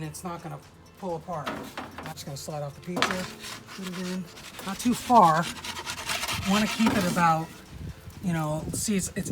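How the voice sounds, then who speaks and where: A relaxed presenter walks through a pizza recipe outdoors at the oven, speaking at an ordinary middle pitch. The talk is loose and unscripted, with frequent "uh" fillers and repeated words. Loud music plays behind the voice throughout. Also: low-quality recording. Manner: relaxed, many "uh" fillers and restarts. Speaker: cooking demo presenter. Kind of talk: casual cooking demonstration. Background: loud background music.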